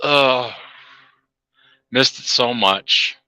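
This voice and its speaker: A man's voice: medium pitch, extremely slow, sharp tone, clear, resonant tone, dry recording, rough recording. A man ranting in a heated, profane monologue to his viewers, laughing at his own jabs. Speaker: channel host.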